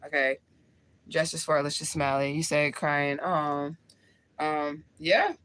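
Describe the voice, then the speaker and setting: This woman in her forties, from St. Louis, Missouri, hosts a livestream where she chats casually and reads out viewer comments. Her voice sits low and a bit bright, her pace unhurried, and she's blunt and slangy, laughing often as she answers people.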